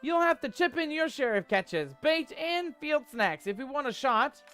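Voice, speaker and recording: A man's voice: extremely high pitch, very animated, normal speed, sharp tone, faint music behind, pitched above the performer's own voice, full character voice. A man voicing an eager young farm boy bug scout, reading game dialogue aloud in an earnest, pleading way. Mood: determined.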